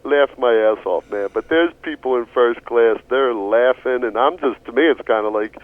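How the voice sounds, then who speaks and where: A man telling a long, animated story on a radio talk show, swearing casually as he goes. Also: mid-range voice, moderate pace, no echo. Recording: tinny phone-like radio audio.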